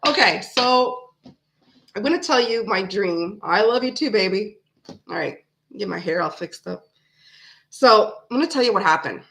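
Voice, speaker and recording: A woman's voice: mid-range voice, expressive, moderate pace, pauses often, a bit bright. Chatty, rambling woman tarot streamer. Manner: chatty, rambling, frank, laughs often. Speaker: live-stream tarot host. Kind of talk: casual live-stream chat.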